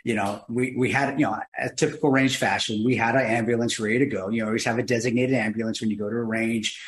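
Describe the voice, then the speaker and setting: A man, a guest, telling his injury story in casual chat, laughing and animated. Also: medium pitch, fast. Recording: roomy echo.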